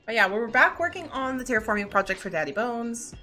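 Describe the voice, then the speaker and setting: A young woman streaming a block-building game, chatting casually and greeting her viewers excitedly. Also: a little high, fairly quick. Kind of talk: casual live-stream chat. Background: faint background music.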